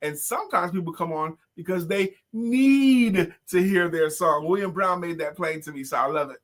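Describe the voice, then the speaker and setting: A man co-hosting a casual talk show, energetic and upbeat. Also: high-pitched, normal speed. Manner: energetic, upbeat, sings short greeting jingles.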